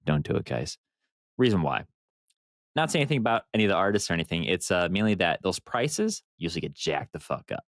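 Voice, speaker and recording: Low-pitched and quick-paced, a man speaks in studio quality with no echo. He's co-hosting a podcast casually, telling long, rambling stories in an animated way with a swear word here and there.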